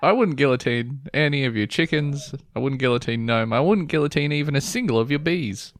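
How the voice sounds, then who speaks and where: A man co-hosting a comedy podcast, adding quick quips and chuckling asides. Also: medium pitch, no room sound, studio quality. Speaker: podcast co-host. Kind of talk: casual comedic chat.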